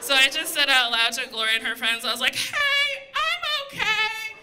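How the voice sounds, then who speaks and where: High, animated woman doing stand-up. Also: fast, some chatter behind, slight background noise, rough recording. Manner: loud, animated storytelling with put-on voices. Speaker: stand-up comedian. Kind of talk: stand-up comedy set. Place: comedy stage before a live audience.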